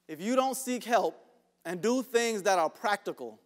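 Male pastor, high voice, sermon in a church, soft-to-loud swings, repeats for emphasis. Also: animated, moderate pace. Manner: swings from hushed whispers to shouted outbursts. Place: church sanctuary.

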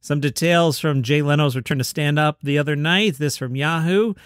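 A man's voice: a little high, moderate pace, no echo, clean studio sound. A man from New York City hosting a daily comedy news podcast, reading items with wry, sarcastic asides.

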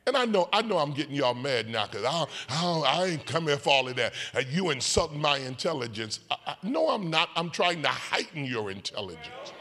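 A man preaching a sermon as a bishop, swinging from soft asides to shouted, sing-song whooping lines and calling out to the congregation. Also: a little high, big pitch swings, fairly quick, few pauses. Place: church sanctuary. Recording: long church hall reverb.

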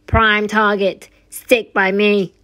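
A woman's voice: medium pitch, little pitch movement, slow pace, pushed and bright. A woman voicing a cocky young male street pickpocket who talks brash and chummy. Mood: sly. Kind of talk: storybook reading.

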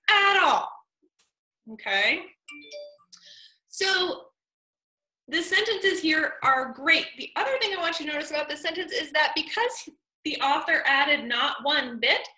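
A woman teacher reading a story aloud to young children, slowing down and pausing to show how punctuation works. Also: very high voice, bright, forceful tone, roomy sound, low-quality recording. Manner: slow, deliberate reading aloud with exaggerated pauses.

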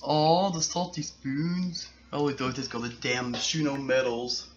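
A man's voice: mid-range voice, fairly even intonation, a little slow. A man casually commenting on a life-simulation game with a partner, dry, profane and joking. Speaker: gameplay commentator. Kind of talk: casual let's-play chat. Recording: muffled recording with faint hiss.

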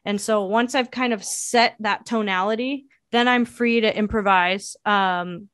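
A woman's voice: medium pitch, steady tone, unhurried, fairly bright tone, no room sound, clean studio sound. A woman saxophonist and educator, answering interview questions in a thoughtful, reflective way, with frequent fillers and restarts.

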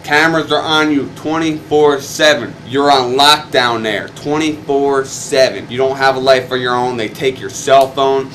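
A young man talks to the camera in a hotel room, swearing freely and telling a rambling story at an ordinary pitch. A faint air-conditioning hum sits behind him. He sounds worn out from the night before, and he swings loud and excited when he acts out the fights. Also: normal speed, hardly any pauses. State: rough, morning after a wild night. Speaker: stuntman.

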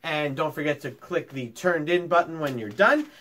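A man's voice: fairly high pitch, normal speed. A male teacher reading a children's chapter book aloud and chatting with his young pupils about it. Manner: animated, talks to children directly.

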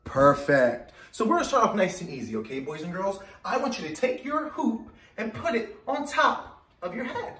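A man's voice: high-pitched, sing-song, a little fast, pushed and bright. A young man leading a children's activity class as a gym instructor, upbeat and coaxing the kids to repeat after him. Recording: roomy echo, voice from a distance. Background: music playing.

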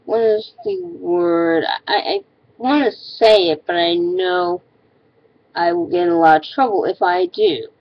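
A woman's voice: lowish voice, no room sound, highs cut off. A woman ranting in a casual vlog, exasperated and sarcastic, often stopping and restarting her sentences. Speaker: vlogger.

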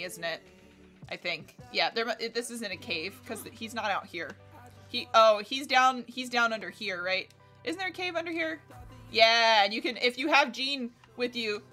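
A woman's voice: on the high side, lively intonation, moderate pace, sharp tone, faint music behind. A woman livestreaming a game in casual chat, scattered and swearing as she talks to herself and to the game.

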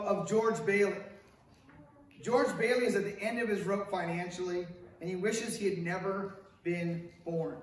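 A middle-aged man preaches to his church in a lively, storytelling way, acting out quotes and tossing in asides. His voice sits fairly high for a man. He sounds set back from the mic in a very echoey room with faint hiss. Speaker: pastor. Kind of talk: sermon. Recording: echoey room picked up from a distance.

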